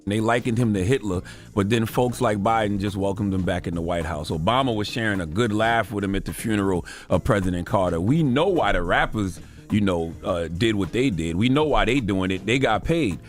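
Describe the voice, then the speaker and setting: A man giving political commentary in a measured, argumentative way. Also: lowish voice, faint music behind.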